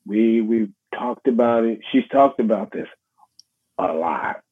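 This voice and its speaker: A middle-aged man with a New York accent, a musician being interviewed, speaking in a halting, reflective way with many restarts. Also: fairly low pitch, lively intonation. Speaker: guest musician. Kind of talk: casual interview conversation. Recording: husky voice over a tinny phone line.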